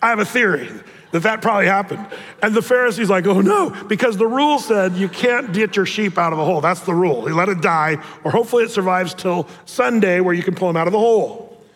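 High-pitched guy preaching, playful storyteller, echo from a big hall. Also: fast. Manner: animated storytelling, acts out voices. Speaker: pastor. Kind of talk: sermon. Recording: reverberant hall.

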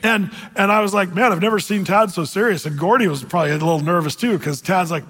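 A man preaching a sermon as a pastor, telling stories in a conversational way and slowing down to stress key phrases. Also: high-pitched, fairly bright tone, breathy edge, big-room sound. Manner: conversational, storytelling, emphatic with slow stressed phrases.

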